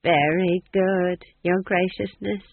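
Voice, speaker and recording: A woman's voice: on the low side, fairly even intonation, slow pace, vocal fry, dry recording, full character voice. A reader voicing a cheerful, coaxing old witch with an earthy, bawdy manner. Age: older. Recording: tinny, dry phone-like audio.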